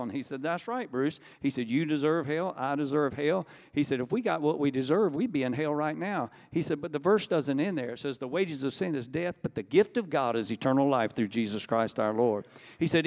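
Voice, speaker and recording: A man preaches his testimony from a church pulpit, his voice gravelly and worn at the edges. He moves the story along by playing each voice in it himself. The sound carries a long reverb from a large hall. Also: medium pitch, a little fast, darkish tone. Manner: storytelling, emotional retelling with quoted dialogue. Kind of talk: sermon testimony.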